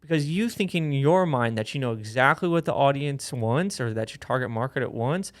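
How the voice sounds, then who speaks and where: A man's voice: mid-range voice, animated, moderate pace. A young adult man co-hosting a casual business podcast, speaking in a laid-back, agreeable way with loose restarts. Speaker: podcast co-host.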